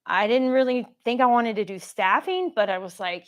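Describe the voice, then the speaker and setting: A woman hosting a casual live-stream Q&A, telling stories in a lively way and acting out the people in them. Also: fairly high pitch, normal speed. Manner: animated storytelling, acts out quoted dialogue; reads viewer questions aloud. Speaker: government contracting coach.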